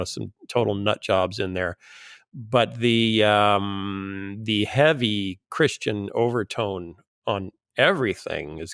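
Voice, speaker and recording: A man's voice: lowish voice, creaky, a bit bright, no room sound, clean studio sound. A man hosting a casual podcast panel, teasing his co-hosts with a wry humor and reading quoted passages aloud with emphasis. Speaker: podcast host.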